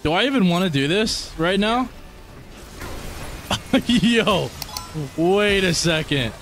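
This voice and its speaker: A young man giving casual gameplay commentary as he plays, excitable, swearing often and talking to his viewers. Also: sits high, slow pace, a little hiss or hum. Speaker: gaming streamer.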